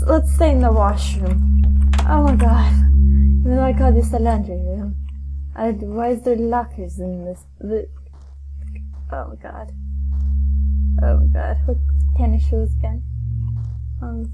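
A woman's voice: a little high, mellow, a little hiss or hum, low-quality recording. A woman hosting a let's play of a horror game, talking to herself in a jumpy, nervous way and crying out often. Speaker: gaming channel host.

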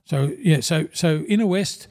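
Speaking at a measured pace, the Australian guest, in his sixties, once a rugby league player and later a broadcaster, spins stories in a laid-back interview. His voice is mellow and dark though somewhat high, and he dramatizes quoted conversations, dropping "mate" again and again.

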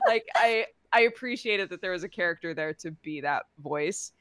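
A woman's voice: fairly low pitch, expressive, normal speed, fairly bright tone, dry recording, studio quality. A woman co-hosting a podcast, chatting casually with many fillers and laughing asides. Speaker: podcast co-host. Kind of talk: casual chat.

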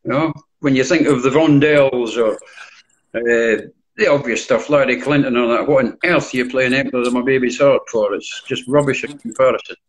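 A man's voice: mid-range voice, fairly quick, rough recording. An older Scottish man, a DJ guest in a casual interview, talking bluntly and swearing freely. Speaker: guest, DJ and record collector.

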